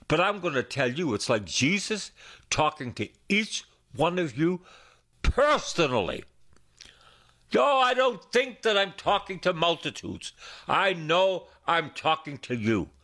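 A middle-aged man preaching a sermon as a priest, with emphatic repetition and wide swings of his voice. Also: bright, forceful tone. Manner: slow, sweeping pitch swings with emphatic repetition.

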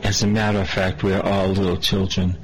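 A man's voice: low voice, flat delivery, brisk, slight background noise, low-quality recording. A man preaching a sermon, reading scripture aloud and then explaining it in a conversational way, with some false starts.

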